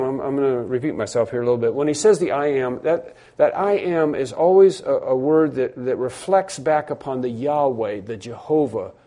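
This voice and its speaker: Earnest preaching man with a warm voice. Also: fairly high pitch. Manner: earnest, repeats and restarts for emphasis. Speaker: pastor. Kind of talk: sermon.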